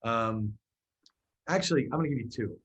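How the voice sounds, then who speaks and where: A male musician telling a story as an interview guest. His voice sits at a middle pitch, and his delivery is loose and chatty, full of "like"s and restarts. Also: normal speed, poor audio. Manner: animated storyteller with many fillers and restarts.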